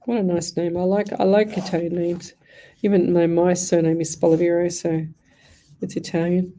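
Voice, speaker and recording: A woman's voice: fairly low pitch, little pitch movement, normal speed, dark tone. A woman hosting a live radio show as a psychic medium, chatty and rambling with frequent restarts. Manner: chatty, rambling, thinks aloud with many restarts.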